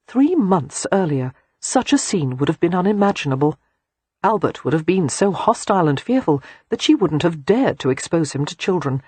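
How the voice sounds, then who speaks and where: Husky-voiced woman narrating a romance. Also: deep voice, no room sound. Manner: measured, expressive reading. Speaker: audiobook narrator. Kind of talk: scripted narration.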